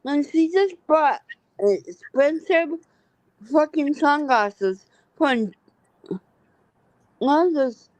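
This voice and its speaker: A woman's voice: high voice, animated, very slow, pauses often, darkish tone, dry recording, poor audio. A woman dropping in on a livestream, chatting casually and sharing gossip. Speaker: drop-in guest.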